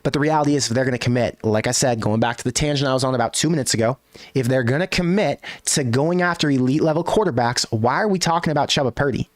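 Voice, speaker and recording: A man's voice: mid-range voice, no room sound. A young man from Nebraska hosting a sports show, giving opinionated fan commentary in an emphatic, rhetorical way. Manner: emphatic, rhetorical, swings between fast and drawn-out. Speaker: sports podcast host.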